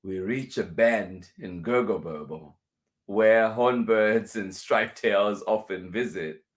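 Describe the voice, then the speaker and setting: A man reading a picture book aloud for children, going over each passage twice in a gentle way and chuckling softly between lines. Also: lowish voice, takes it slowly. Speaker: children's storyteller.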